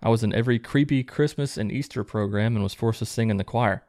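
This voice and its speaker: A man hosting his own show, reading viewer letters aloud in a low-key, plain way and adding relaxed asides between them. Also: fast talker, dry recording, clean studio sound. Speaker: host reading viewer stories.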